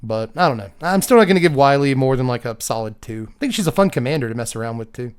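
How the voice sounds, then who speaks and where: A young man casually reviewing game cards one after another, thinking aloud and handing out quick number ratings. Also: medium pitch, lively intonation, clean tone.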